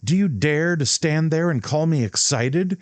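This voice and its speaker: A man's voice: mid-range voice, animated, a little slow, a little mellow, no room sound, pitched above the performer's own voice, close to an everyday voice. A man voicing a proud, hot-headed young man who speaks indignantly and demands answers.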